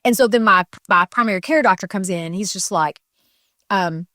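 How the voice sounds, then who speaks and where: A middle-aged woman recounts a personal faith testimony as a podcast guest. Her voice sits at an ordinary middle pitch. Her telling is earnest and tumbling, full of restarts and fillers, and the sound is dry and close with no room around it. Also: brisk, bright, forceful tone, no room sound.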